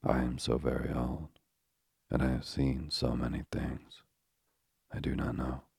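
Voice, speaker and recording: A man's voice: very deep voice, monotone, unhurried, vocal fry, a little mellow, breathy edge, dry recording, studio quality, heavily acted. A man voicing an ancient moonbeam who speaks faintly and wearily. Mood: weary. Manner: faint, weary.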